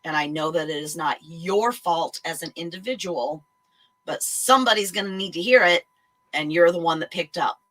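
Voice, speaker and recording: A woman telling a story in a blunt, animated way and swearing freely. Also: lowish voice, normal speed, poor audio. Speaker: vlogger. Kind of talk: casual chat, ranting story.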